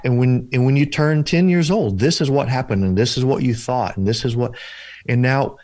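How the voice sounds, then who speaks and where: A man of ordinary pitch tells a story in a sit-down interview. He is earnest and slows down to stress key moments, voicing the other people in it. His voice is recorded close and dry, with no room sound. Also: a little mellow, no room sound. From former Protestant, now Catholic. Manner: earnest, slows down for emphasis, acts out dialogue. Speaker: deliverance minister, guest.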